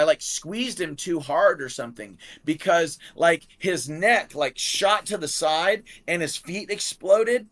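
A high-pitched man tells a long story in casual chat, his voice bright and lively. He acts out his own quoted lines in a louder, raised voice. He says "like" often and swears freely. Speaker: podcast guest.

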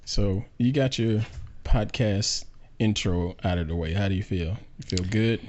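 A man's voice: on the low side, unhurried, darkish tone, muffled recording. A man co-hosting a casual podcast, joking around in a laid-back, colloquial way. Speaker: podcast co-host. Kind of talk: casual chat.

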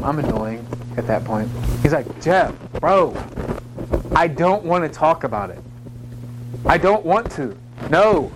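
Passionate male preacher, noisy background. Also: medium pitch. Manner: passionate, builds to urgent raised pleading; casual asides and storytelling. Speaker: preacher teaching on evangelism. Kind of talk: sermon.

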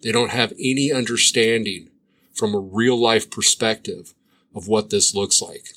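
Bright-voiced man asking sarcastic questions. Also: fairly low pitch, steady tone, a little slow. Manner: pointed, sarcastic rhetorical questions. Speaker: addiction treatment provider. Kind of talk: commentary monologue.

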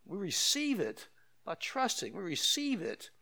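An older man delivers a sermon in a fairly high voice. He preaches conversationally, repeating key phrases for emphasis and tossing asides to his listeners. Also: huge pitch swings, unhurried, pushed and bright. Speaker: pastor.

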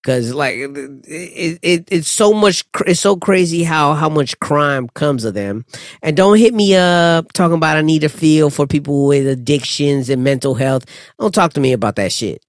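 A man's voice: on the high side, normal speed, no echo, studio quality. Blunt, profane man telling a story. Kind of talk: casual chat.

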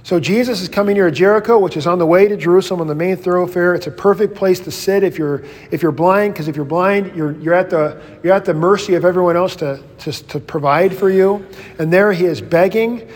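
Male pastor, slightly high voice, casual animated Bible study teacher, long room reverb. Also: brisk. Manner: casual, animated storytelling with acted quotes.

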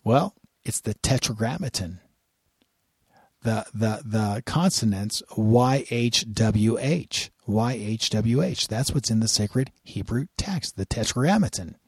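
Earnest husky male Bible teacher. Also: fairly low pitch, expressive, slow pace, no room sound, clean studio sound. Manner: earnest, repeats words when starting phrases. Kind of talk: sermon-style Bible teaching.

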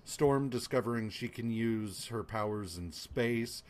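A man co-hosting a podcast, chatting casually about comics, animated and quick to swear. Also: medium pitch, slight background noise. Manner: animated, swears casually, slips into mock voices. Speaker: podcast co-host.

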